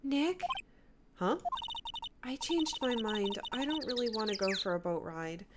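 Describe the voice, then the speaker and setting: Woman voicing a cheerful young sidekick girl, game dialogue, eager, higher voice. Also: lively intonation, a little slow. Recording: clear background noise.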